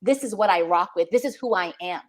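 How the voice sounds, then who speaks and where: A woman's voice: medium pitch, animated, brisk. Young adult woman, podcast co-host, heartfelt and emotional delivery, repeats for emphasis. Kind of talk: heartfelt spiritual podcast chat.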